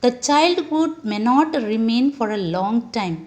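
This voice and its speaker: A woman teacher who patiently explains a poem to schoolchildren, speaking gently and addressing them directly. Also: fairly high pitch, animated, moderate pace.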